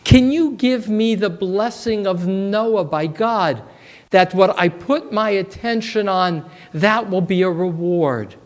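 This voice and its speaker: A high, strained voice of a poor, anxious villager who longs for money and quickly turns short-tempered, as a man acts him out. He pleads and then barks orders, speaking slowly and with weight. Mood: pleading. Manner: pleading, then barking demands.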